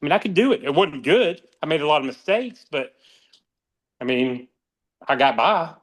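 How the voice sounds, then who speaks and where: A middle-aged man speaking with a somewhat high voice in a candid interview. He rambles, circles back and restarts his sentences as he talks. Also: lively intonation, normal speed. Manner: rambling, restarts often, emotional about friends. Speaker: podcast guest, author.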